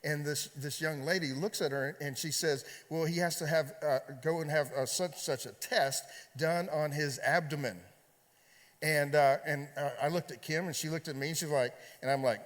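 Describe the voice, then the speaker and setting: A man preaching as a pastor, telling a personal story in a conversational, halting way with many fillers and repeated words. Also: on the high side, fairly even intonation. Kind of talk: sermon storytelling. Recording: long hall reverb.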